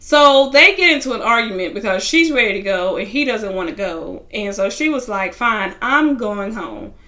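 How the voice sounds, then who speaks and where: A woman talks through a reality TV episode in a loose, chatty recap, with a bright, forward tone. She opens new points with louder, punchy restarts. She sometimes slips into the people she describes, retelling what they said. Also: medium pitch, lively intonation, fairly quick. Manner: chatty storyteller, retelling scenes in quoted voices. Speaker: reality TV reviewer. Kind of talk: casual recap commentary.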